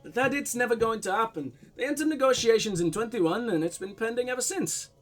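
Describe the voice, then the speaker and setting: Pompous diplomat with a put-on Russian-German accent, suave and dodgy, voiced by a man; lively, high delivery. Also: brisk, soft background music. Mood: smooth, evasive. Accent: mock Russian-German blend. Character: smooth evasive male foreign diplomat, middle-aged.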